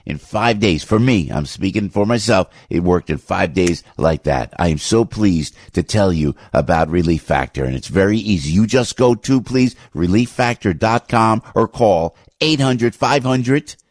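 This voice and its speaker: Animated New Jersey radio host. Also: male voice, fairly low pitch, normal speed, few pauses, dry recording, studio quality. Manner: loud, animated, repeats catchphrases. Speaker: radio talk show host. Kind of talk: live ad read and call-in radio chat.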